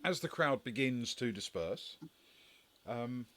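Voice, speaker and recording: A man's voice: mid-range voice, lively intonation, takes it slowly, sharp tone. A man narrating a tabletop game as game master, hesitant with many fillers.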